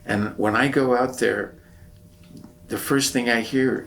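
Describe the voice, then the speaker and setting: A man's voice: mid-range voice, fairly even intonation, measured pace, creaky, a bit bright. An older man, a veteran, speaking earnestly and reflectively in an oral history interview.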